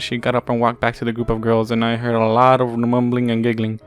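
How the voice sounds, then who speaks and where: A man's voice: medium pitch, fairly even intonation, a little fast, hardly any pauses, clean tone. A man casually reading a first-person story aloud, offhand and unpolished, leaving his slips and restarts in. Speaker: fanfiction reader.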